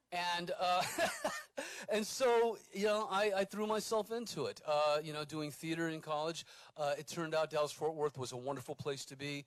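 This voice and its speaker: A middle-aged man from Texas hosts an awards night, making up his speech as he goes, with plenty of fillers and jokes at his own expense. His voice sits a little high for a man. The sound is close and dry. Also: normal speed, no echo. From Corpus Christi, Texas. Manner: rambling, self-deprecating, lots of uh fillers. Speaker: awards ceremony host. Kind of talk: unscripted ceremony speech. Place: awards ceremony venue.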